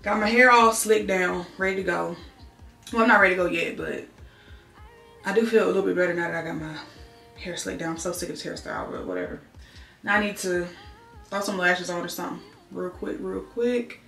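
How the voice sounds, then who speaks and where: Talking straight to her audience, this young woman keeps her casual home vlog chatty and candid, set in a spacious indoor room. She speaks fairly quickly in a lowish, gravelly voice that sounds bright and forceful, with fairly even intonation. Faint music plays behind her, and the distant mic picks up plenty of room echo.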